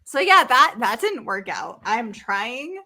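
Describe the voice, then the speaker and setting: Woman, casual podcast chat, lively swooping pitch, bright tone, swears casually. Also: slow pace. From not from the South, Southern family. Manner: animated, swears casually, laughs often. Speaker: podcast co-host.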